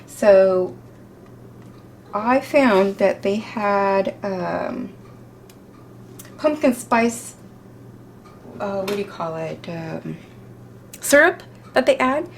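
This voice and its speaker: A woman's voice: medium pitch, lively intonation, drawn-out words, pauses often, a little hiss or hum. A middle-aged woman hosting a casual home cooking vlog, chatty and jokey, poking fun at herself. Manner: chatty, jokey and self-deprecating. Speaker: cooking channel host.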